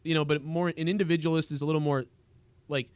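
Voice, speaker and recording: Man, livestream host, casual chat, quick talker, rambling, restarts sentences, dry close sound. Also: fairly high pitch, steady tone, clear, resonant tone, no echo. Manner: rambling, with frequent restarts and trailing thoughts.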